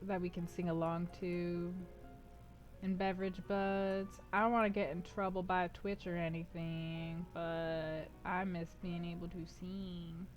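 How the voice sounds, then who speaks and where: A woman's voice: on the low side, little pitch movement, measured pace, highs cut off. Bubbly American woman streamer, faint music. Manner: chatty and bubbly, laughing often. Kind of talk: casual chat with live chat. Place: home streaming setup.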